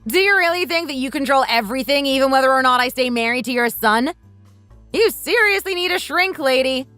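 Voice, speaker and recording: A woman's voice: high voice, lively intonation, a little fast, no echo, faint music behind. A woman voicing a sarcastic young wife who talks back bluntly to her mother-in-law in a texting-story drama. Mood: defiant. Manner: sharp, mocking, blunt.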